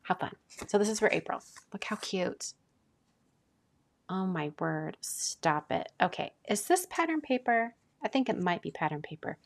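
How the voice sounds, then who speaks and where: A woman hosting a casual live stream, chatting and gushing as she opens mail, often dropping to a soft whisper. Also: mid-range voice, lively intonation, normal speed, creaky. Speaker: card-making channel host.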